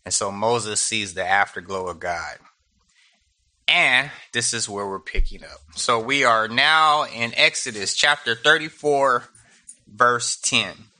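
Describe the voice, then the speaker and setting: A man's voice: mid-range voice, sharp tone. A middle-aged man teaching a Bible study, retelling scripture with humor and slang.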